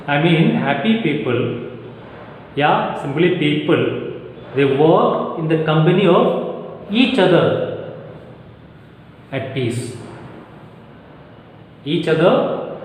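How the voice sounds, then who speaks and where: Male English teacher, slow repetitive lecture delivery, heavy room echo. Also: a little high, a little hiss or hum. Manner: slow and repetitive, repeats key phrases. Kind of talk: recorded class lecture. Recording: very echoey room, long reverb.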